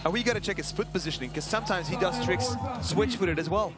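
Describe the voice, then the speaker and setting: A man's voice: sits high, expressive, fast, over loud music. A man co-commentating a live BMX contest in brief interjections, adding facts and cheers.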